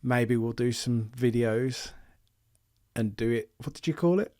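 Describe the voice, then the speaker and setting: A man's voice: mid-range voice, unhurried, darkish tone, no echo, clean studio sound. A man co-hosting a football podcast in casual chat, joking and laughing often. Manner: laughs often, jokey banter. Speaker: podcast co-host.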